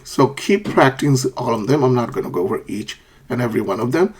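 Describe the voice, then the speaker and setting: A man's voice: expressive, fast talker, slightly rough. A man teaching an online English lesson on intonation, reading example sentences aloud with exaggerated rises and falls and checking in with a frequent "okay?". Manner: models example sentences with exaggerated rising and falling pitch.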